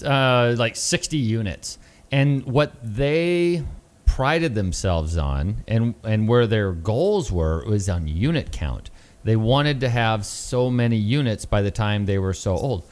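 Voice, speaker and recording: A man's voice: lowish voice, lively intonation, takes it slowly. A man hosting a podcast, chatty and joking along while giving advice. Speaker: podcast host. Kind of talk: casual interview talk.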